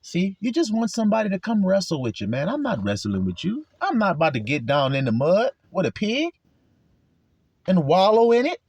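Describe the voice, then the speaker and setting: A man's voice: on the high side, sing-song, normal speed, darkish tone, husky, dry recording. A man preaching an informal sermon, confrontational and full of rhetorical questions, with coarse language.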